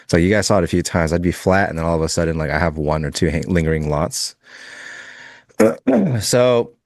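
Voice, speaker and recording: A man's voice: low voice, fairly quick, gravelly, no echo, studio quality. A man trading futures on a live show, chatting casually and laughing often. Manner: relaxed, rambling, laughs often. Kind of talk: casual live-stream chat while trading.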